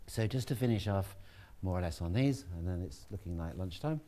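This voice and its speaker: Man, lecturer, low voice, mellow, chatty classroom talk. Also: a little fast. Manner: relaxed, chatty, with fillers and asides to the class.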